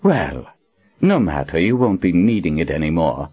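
A man's voice: sits low, very animated, moderate pace, breathy edge, dull audio, exaggerated voice. A man voicing a cruel, smug male villain with a cold, taunting manner, in a storybook reading. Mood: menacing.

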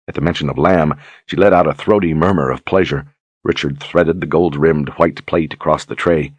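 A man narrating a fantasy novel in a steady, measured storytelling manner with a husky voice. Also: extremely low pitch, no room sound. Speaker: audiobook narrator.

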